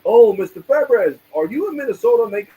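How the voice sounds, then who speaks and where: A man's voice: lively intonation, brisk, warm tone, breathy edge, rough recording. A man mockingly imitating a fussy, polite bank phone agent. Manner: mocking, high and overdone.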